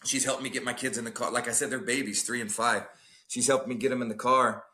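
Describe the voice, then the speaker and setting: A man's voice: medium pitch, level tone, fast, pushed and bright. A man from Arizona, a gym owner telling stories on a podcast in a blunt, profane, casual way. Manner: blunt, heavy swearing. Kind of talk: casual storytelling.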